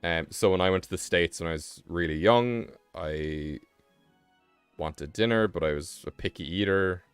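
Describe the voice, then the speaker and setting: Low-voiced British man rambling casually. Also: moderate pace, clear, resonant tone, no room sound, soft background music. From Britain. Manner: rambling, self-mocking, swears freely. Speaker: streamer. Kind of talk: casual live-stream chat while drawing.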